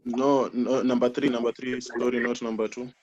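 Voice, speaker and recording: A man's voice: mid-range voice, flat delivery, moderate pace, darkish tone, a little hiss or hum. A man teaching a French class online, patiently correcting students and repeating answers. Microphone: video call. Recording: muffled video call audio.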